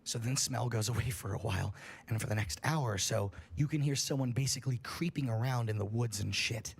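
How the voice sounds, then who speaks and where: Gravelly man telling a scary story. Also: medium pitch, brisk. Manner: profane, animated storytelling. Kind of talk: reading a scary story aloud on a livestream.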